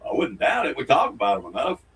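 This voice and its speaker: A man's voice: medium pitch, huge pitch swings, fast talker, gravelly, a bit bright, a little hiss or hum, poor audio. A man, co-hosting a casual podcast and reading fan mail in a folksy, jokey way. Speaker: co-host.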